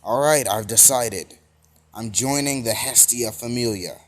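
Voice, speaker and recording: A man voicing a calm, self-assured young male hero in a casual retelling of a fan story. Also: fairly low pitch, measured pace, close to an everyday voice. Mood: loud. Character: calm confident young male hero, older brother type.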